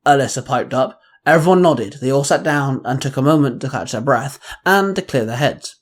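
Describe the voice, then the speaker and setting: A man hosting his own channel and reading his fan fiction aloud at a measured pace. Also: medium pitch, animated. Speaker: host and fan fiction reader.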